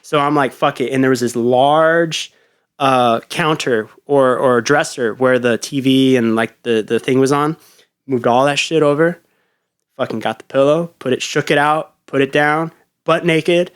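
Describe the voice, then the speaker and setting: A man's voice: medium pitch, steady tone, normal speed, clean tone. A young adult man, a podcast host, telling a long story in casual, profane chat.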